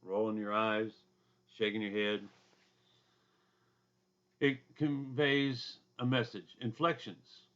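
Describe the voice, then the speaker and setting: Booming man lecturing. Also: little pitch movement, slow, long pauses, highs cut off. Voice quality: loud booming voice. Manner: plainspoken, conversational with asides and throat clearing. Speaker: instructor. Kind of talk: recorded video lecture. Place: home basement.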